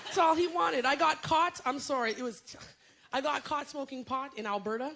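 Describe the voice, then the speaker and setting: High-voiced woman doing stand-up. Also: moderate pace, vocal fry, a little hiss or hum. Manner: animated, jumps into shrill impressions. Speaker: stand-up comedian. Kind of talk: stand-up comedy set. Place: comedy club stage with a live audience. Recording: loud audience laughter and room ambience.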